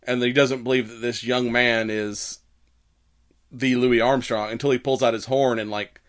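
Man, podcast co-host, casual movie recap, laughs a lot, mid pitch. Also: flat delivery, a bit bright. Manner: laughs often, retells scenes doing quick quoted voices.

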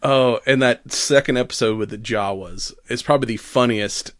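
A man's voice: medium pitch, moderate pace, no room sound. Man, casual podcast chat, laughs a lot, dry close sound. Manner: animated, laughs often, acts out quotes. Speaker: podcast co-host.

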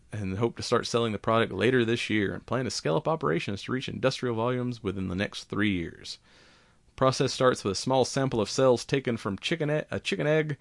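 A man's voice: medium pitch, gravelly, no room sound. A man co-hosting a casual podcast, reading science news in a rambling way with lots of fillers, swearing and laughs.

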